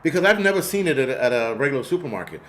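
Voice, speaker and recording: A man's voice: mid-range voice, big pitch swings, very fast, a bit bright. A man hosting a casual livestream, rambling through profane stories and answering chat comments. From United States. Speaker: host.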